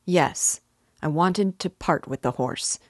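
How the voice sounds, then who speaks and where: A woman reading aloud and voicing a proud, anxious young gentleman who speaks hastily and bitterly. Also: low-pitched, slow pace, no echo, studio quality, exaggerated voice. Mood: agitated. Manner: hasty, bitter.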